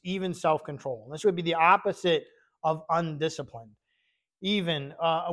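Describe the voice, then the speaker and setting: A man teaching a casual Bible study, talking conversationally, often pausing on fillers and repeating key words. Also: fairly high pitch.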